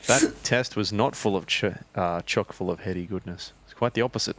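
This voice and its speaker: A man's voice: on the low side, brisk, fairly bright tone. A man co-hosting a podcast in casual banter, with dry, teasing remarks. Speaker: podcast co-host.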